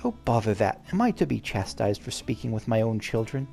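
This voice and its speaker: A man with a gruff voice reading a refined, sassy middle-aged noblewoman from a game, in a put-on refined tone. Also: lowish voice, very animated, brisk, a little mellow, faint music behind. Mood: gracious. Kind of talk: reading game dialogue aloud.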